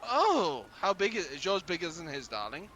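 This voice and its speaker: A man's voice: sits high, very animated, normal speed, pushed and bright, a little hiss or hum, heavily acted, rough recording. A man putting on a brash English lady. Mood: combative. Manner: swears often and calls everyone darling. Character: brash foul-mouthed English lady driver. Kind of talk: in-character game roleplay.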